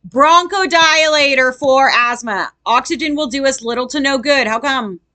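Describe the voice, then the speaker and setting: Brief: upbeat woman nursing tutor, high bright voice, lively quizzing style. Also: normal speed. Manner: animated, quizzing students, acts out patients. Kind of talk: casual classroom review lesson.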